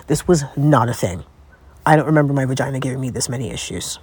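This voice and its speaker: A woman's voice: very deep voice, animated, fast, a little mellow, breathy edge. A young adult woman hosting her own podcast, venting in a profane, exasperated, comic solo rant. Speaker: podcast host.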